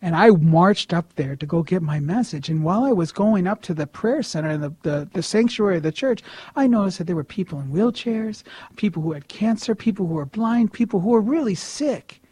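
A man tells a personal story with lots of energy, his voice fairly high for a man. He swings from loud bursts to hushed asides. The recording is dry and close. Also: lively intonation, a little fast, slightly rough, no room sound. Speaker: storyteller sharing a personal testimony.

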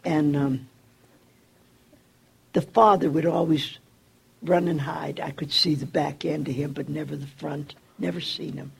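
Slow, gravelly, very husky older storyteller. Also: fairly even intonation. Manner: acts out quoted dialogue with raised pitch. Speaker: storyteller recalling community work. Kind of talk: personal storytelling.

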